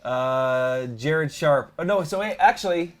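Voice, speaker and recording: A man co-hosting a live stream, chatting casually and teasing his co-host, quick to laugh. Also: a little high, lively intonation.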